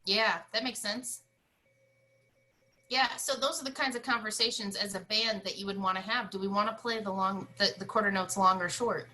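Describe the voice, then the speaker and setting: A woman's voice: mid-range voice, steady tone, moderate pace, bright, forceful tone, slight background noise, low-quality recording. A woman teaching an online music lesson, explaining rhythms and singing scat syllables to show them.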